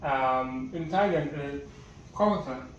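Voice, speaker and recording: A man giving a casual vocabulary lesson, halting and searching for words as he lists them one by one. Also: medium pitch, slight background noise. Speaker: language teacher. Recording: echoey room, distant muffled mic.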